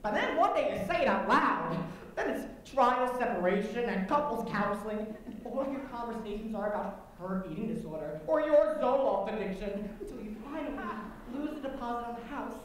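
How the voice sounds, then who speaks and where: A woman's voice: a little high, expressive, fairly quick, hardly any pauses, natural voice. A woman playing a wistful, chatty man obsessed with an old cast record, confiding asides to the audience on a school stage. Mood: rueful. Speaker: stage narrator. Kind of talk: live stage musical acting. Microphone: distant camera mic. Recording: echoey hall from far off.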